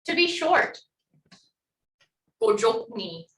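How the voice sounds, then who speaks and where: A woman's voice: fairly high pitch, big pitch swings, very slow, fairly bright tone, echoey room, far from the mic, poor audio. A woman teaching a language class online, upbeat and encouraging as she models words for students to repeat.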